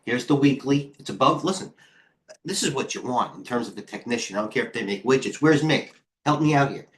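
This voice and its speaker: On his live trading stream, a middle-aged man talks a little fast in a mid-range, fairly bright voice with lively intonation. He's out of breath, rambling and joking, putting himself down and muttering under his breath.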